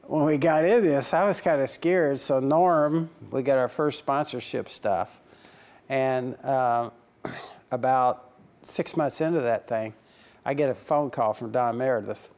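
A man who owns a racing team, answering interview questions by telling stories and acting out his own and others' quoted lines. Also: medium pitch. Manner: animated, acts out quoted dialogue with laughs.

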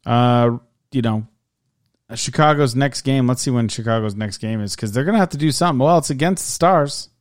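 A man's voice: mid-range voice, brisk, dry recording, clean studio sound. A man co-hosting a podcast, casually rattling off game scores and standings. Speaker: podcast co-host. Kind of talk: casual sports chat.

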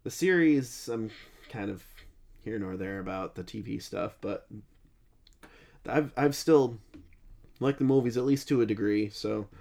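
A man's voice: fairly low pitch, measured pace, vocal fry, long pauses, mellow. A man co-hosting a movie podcast in casual chat, often hesitating and repeating words. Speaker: podcast co-host.

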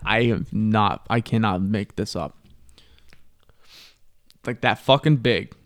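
A man's voice: fairly low pitch, slow pace, dry recording, studio quality. A young man from Ohio telling rambling, profane stories in a casual podcast chat. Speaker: podcast co-host.

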